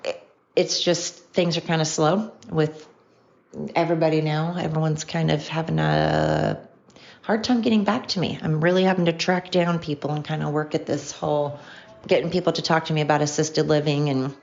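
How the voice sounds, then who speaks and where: Chatty middle-aged woman, gravelly and lo-fi. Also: low-pitched, normal speed, a little mellow. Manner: rambling, chatty, upbeat. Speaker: podcast host. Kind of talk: casual solo podcast monologue. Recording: dull lo-fi home recording.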